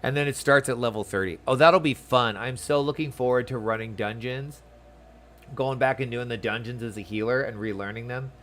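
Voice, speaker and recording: A man casually commentating his game session, chatty and excitable, often reading the on-screen text aloud. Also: mid-range voice, fairly quick. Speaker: game streamer. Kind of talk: let's-play commentary.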